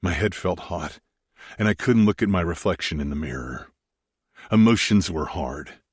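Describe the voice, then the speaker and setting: A man's voice: low voice, animated, normal speed, breathy edge, no echo, clean studio sound. A man narrating a first-person romance audiobook in an intimate, brooding way.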